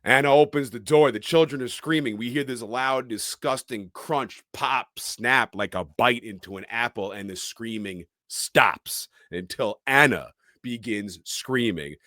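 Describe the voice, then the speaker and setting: A man's voice: medium pitch, a little slow, few pauses, pushed and bright, no echo, clean studio sound. A man co-hosting a podcast, telling a horror film's plot as a dramatic recap. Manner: dramatic storytelling recap with quoted lines. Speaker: podcast co-host.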